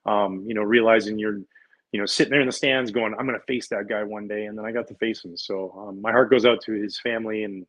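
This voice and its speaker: A middle-aged Canadian man, once a pitcher, talks as a guest on a sports show. He tells his stories in an animated, chatty way, laughing often and restarting his words as he goes. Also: quick pace, highs cut off. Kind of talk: casual interview chat, storytelling.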